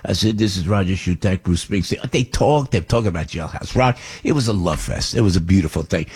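A man's voice: low voice, lively intonation, brisk, a little mellow, husky. An older man, a radio host telling a long rambling story with many restarts. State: under the weather.

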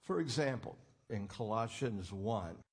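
A man's voice: lowish voice, lively intonation, a little slow, slightly rough. A man preaching a sermon in an earnest, emphatic way, quoting scripture as he goes.

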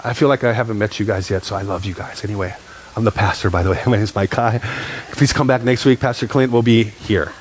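A man in his forties, a pastor preaching a sermon, telling stories with quick bursts and emphatic repetition. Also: on the low side, a little hiss or hum.

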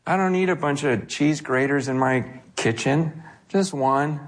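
A man preaching a sermon in a conversational, animated way, acting out quotes and often restarting his sentences. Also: fairly high pitch, unhurried. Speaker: pastor.

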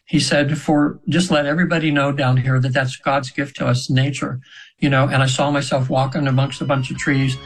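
His mid-range voice is flat in delivery and moderate in pace, recorded with poor audio. He is a man in his 70s, a radio show guest, rambling through a long personal story in a casual interview, full of restarts and fillers.

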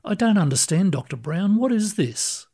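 A man putting on a gentle, bewildered ghost of a retired woman. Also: high-pitched, big pitch swings, normal speed, slightly rough, pitched above the performer's own voice, exaggerated voice. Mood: puzzled. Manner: soft, wondering questions.

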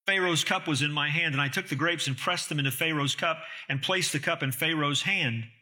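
A man's voice: on the high side, fairly quick, pushed and bright. A man preaching an expository sermon, earnest and emphatic, with rhetorical questions to the listeners.

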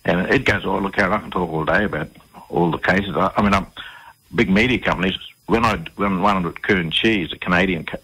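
Australian male guest, low husky voice, punchy, storyteller who acts out the dialogue. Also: a little fast, bright, forceful tone, poor audio. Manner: acts out dialogue, repeats words while searching for them. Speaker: interview guest. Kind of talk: conversational storytelling interview.

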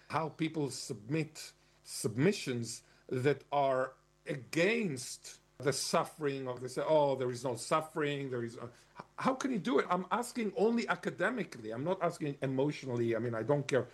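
A man's voice: fairly high pitch, lively intonation, moderate pace, breathy edge. A man giving spoken commentary in an emphatic way, firing off rhetorical questions and sometimes spelling words out letter by letter.

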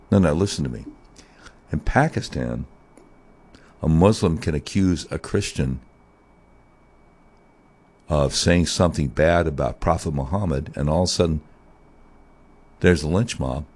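A man hosting talk radio, delivering a monologue that swings from a low grumble to high mocking tones. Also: a little mellow, husky.

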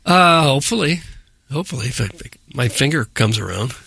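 A man's voice: medium pitch, lively intonation, brisk, gravelly, sharp tone, slightly rough, dry recording. A man co-hosting a talk radio show, musing in rambling casual asides. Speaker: radio co-host.

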